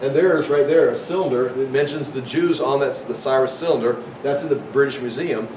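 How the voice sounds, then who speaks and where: Recorded from a distance, this man speaks a little fast with a slightly mellow voice. He's a Bible teacher giving a loose, conversational Bible history lecture, with frequent restarts and acted-out quotes, in an echoey room with a faint rumble.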